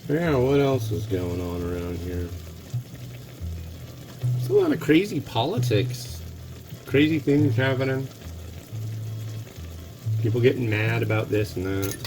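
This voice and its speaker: Male vlog host, mid-pitched, easygoing and rambling, kitchen chat over background music. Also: big pitch swings, unhurried, long pauses. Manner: rambling, easygoing, chatty asides. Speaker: host of an instant noodle cooking show. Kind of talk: casual cooking vlog chat.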